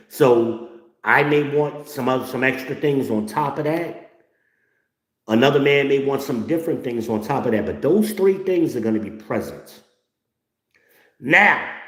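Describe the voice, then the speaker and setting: A man hosting a livestream, talking bluntly and profanely to viewers at home in a preachy tone and calling for amens. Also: medium pitch. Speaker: livestream host. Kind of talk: casual profane monologue to viewers. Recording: roomy echo.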